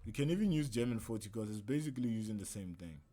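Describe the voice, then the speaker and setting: A man's voice: lowish voice, lively intonation, fast talker, warm tone. A man casually teaching a trading lesson on a livestream, talking loosely and chattily and often checking in with "right?". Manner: loose and chatty, keeps asking "right?", slangy asides. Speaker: trading instructor streaming a lesson.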